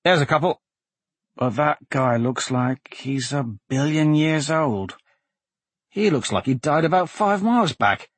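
A man voicing a brash, restless young swordsman in a storybook reading, loud and teasing. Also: on the high side, animated, a little slow, breathy edge, dry recording, pitched above the performer's own voice.

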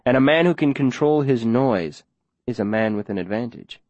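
A man doing a soft-spoken, controlling older mayor, audiobook reading, measured delivery, mid-pitched voice, dry close recording. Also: lively intonation, no room sound, muffled recording, close to an everyday voice. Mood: menacing calm. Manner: slow, measured, quietly commanding. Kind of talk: audiobook character voice.

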